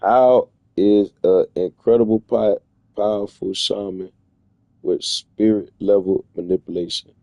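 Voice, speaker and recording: Gravelly-voiced man ranting in disbelief. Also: on the low side, steady tone, measured pace, no room sound, muffled recording. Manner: incredulous, profane, rambling rants. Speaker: streamer. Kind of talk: casual reaction commentary.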